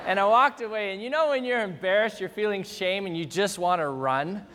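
A middle-aged man preaching in a church, his voice sitting high for a man. He tells a funny story with lively acting-out, and his words ring with a long hall reverb. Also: brisk. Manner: animated, humorous storyteller acting out scenes. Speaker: pastor. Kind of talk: storytelling sermon.

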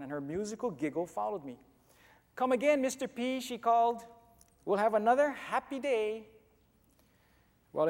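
A man narrating a dramatic story in the first person, with an expressive, halting delivery. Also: a little high. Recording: long hall reverb with soft music.

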